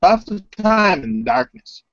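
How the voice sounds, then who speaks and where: A man putting on a creepy foreign vampire gentleman. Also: sits high, big pitch swings, takes it slowly, no echo, full character voice. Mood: sardonic. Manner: broken grammar, theatrical, sardonic. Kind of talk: tabletop role-play in character. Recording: dull lo-fi recording.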